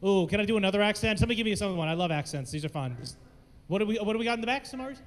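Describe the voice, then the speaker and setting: A man from the American South co-hosting a live comedy show, loud, playful and exclamatory, working the crowd. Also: sits high, animated, racing. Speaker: comedy co-host. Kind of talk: stand-up hosting with crowd work. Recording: echoey hall.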